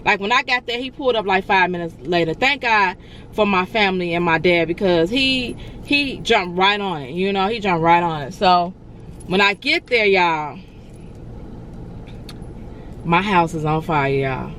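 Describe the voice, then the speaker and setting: A woman's voice: fairly low pitch, a little slow, fairly bright tone, slight background noise. A woman in her forties telling viewers how her house burned down, near tears and repeating herself, calling them y'all. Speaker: vlogger. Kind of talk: emotional storytelling vlog.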